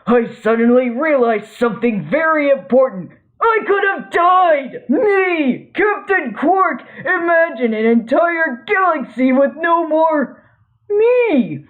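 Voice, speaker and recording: A vain, cowardly male space captain, voiced by a woman, pompous and theatrical, slow and a little high-pitched. The sound is tinny and phone-like, in a fan audio story. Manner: pompous, self-pitying, theatrical.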